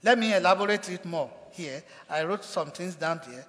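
Preaching at a moderate pace with few pauses, a pastor speaks in a high-pitched, slightly bright voice. His emphatic sermon acts out quoted cries with mounting force, recorded in an echoey hall.

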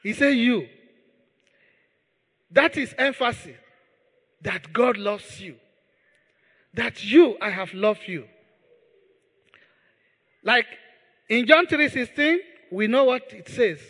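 A man's voice: very high-pitched, expressive, takes it slowly, long pauses, fairly bright tone, long reverb tail. A man preaching a sermon as pastor. He speaks with emphasis, repeats key words and leads the congregation in prayer.

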